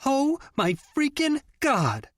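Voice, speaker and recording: A man voicing a loud, bubbly young woman who squeals and shouts with excitement, in an audiobook. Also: sits high, slow pace, dry recording, studio quality, pitched above the performer's own voice, full character voice. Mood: ecstatic.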